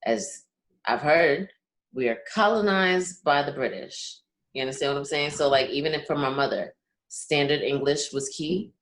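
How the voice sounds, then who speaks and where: A woman's voice: deep voice, moderate pace. A young Caribbean-born woman co-hosting a casual podcast, making her point earnestly and often checking that she is understood. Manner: earnest, keeps asking "you understand what I'm saying?". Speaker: podcast co-host.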